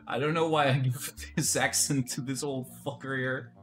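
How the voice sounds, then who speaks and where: A man's voice: mid-range voice, flat delivery, moderate pace, few pauses, a bit bright, soft background music. A man streaming a video game, commenting casually with playful exclamations and jokes.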